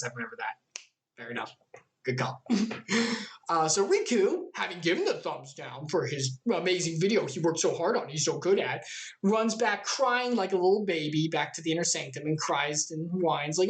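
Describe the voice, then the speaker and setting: A woman's voice: on the low side, very animated, moderate pace. A woman hosting a game lore recap, enthusiastic and playful, often laughing at her own jokes. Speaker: video game lore channel host.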